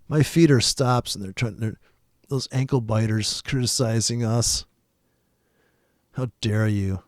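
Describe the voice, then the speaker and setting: In a lowish, slightly mellow voice, a man rambles through his weekly forex forecast a little slowly, pausing often. He swears frequently and laughs at his own jokes, captured in a dry, studio-quality recording.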